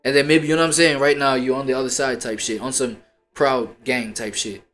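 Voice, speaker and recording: A man's voice: mid-range voice, fairly even intonation, brisk, fairly bright tone. Slangy, rambling male streamer with music behind. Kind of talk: casual live-stream reaction chat.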